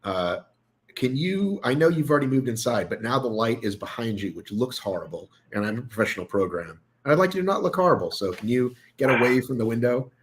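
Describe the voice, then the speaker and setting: Brash, jokey male host of a live show, pitch all over the place. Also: brisk, slight background noise, poor audio. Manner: animated, joking, swears freely. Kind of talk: casual live show chat.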